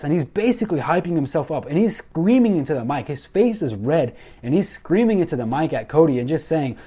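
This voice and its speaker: A young man excitedly recapping a wrestling show, gushing and repeating himself as he goes. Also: fairly high pitch, fairly quick, few pauses, breathy edge. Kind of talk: enthusiastic recap commentary.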